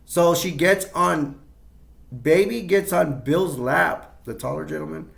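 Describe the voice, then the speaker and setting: Male film reviewer, gravelly, unscripted rambling recap. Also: a little high, a little slow. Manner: rambling, with many restarts and quoted imitations. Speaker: movie reviewer.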